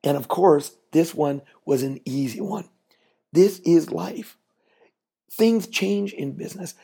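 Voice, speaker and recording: A middle-aged man tells a casual story on his podcast. His voice is fairly high for a man, with a gravelly edge. The tone is mellow and a little husky, and he talks to listeners as "ladies and gentlemen" when he draws the moral. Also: slow. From Canada. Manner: folksy, chatty storyteller who builds to a moral. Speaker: podcast host. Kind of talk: storytelling monologue with a business lesson.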